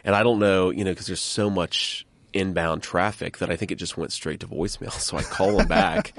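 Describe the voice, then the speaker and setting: A man's voice: deep voice, steady tone, moderate pace, no echo, clean studio sound. A man who is a podcast guest, telling casual stories and laughing often, with "you know" and "right" scattered through his talk. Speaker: guest, senator.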